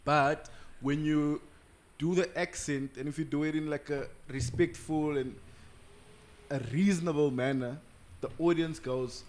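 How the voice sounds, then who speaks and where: A man from Soweto, South Africa, a guest on a casual podcast chat, talking in a relaxed, laid-back way. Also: on the high side, a little slow.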